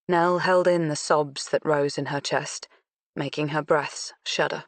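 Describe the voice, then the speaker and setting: A woman narrating an audiobook in a measured, unhurried reading. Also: deep voice, steady tone, no room sound. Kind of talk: scripted narration.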